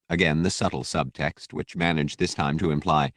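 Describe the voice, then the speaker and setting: Deep-voiced man narrating an audiobook. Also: steady tone, moderate pace, hardly any pauses, fairly bright tone, dry recording, clean studio sound. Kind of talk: scripted narration.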